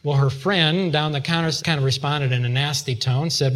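A man's voice: a little high, moderate pace, few pauses, fairly bright tone. A man preaching a sermon, retelling a story and acting out the voices of its people. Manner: acts out voices in a retold story, chuckles at times.

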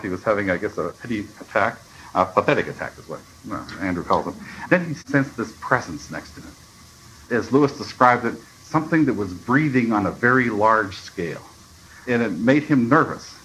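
A man's voice: fairly low pitch, lively intonation, fairly quick, fairly bright tone, a little hiss or hum, rough recording. A man reading a story aloud and giving reflective, earnest commentary as a Bible study teacher.

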